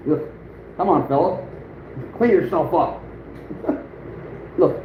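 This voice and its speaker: Casual livestream host, man, 30s, high-pitched, rambling and chuckly, echoey room. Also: lively intonation, extremely slow, pauses often. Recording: phone-like echoey room with faint noise.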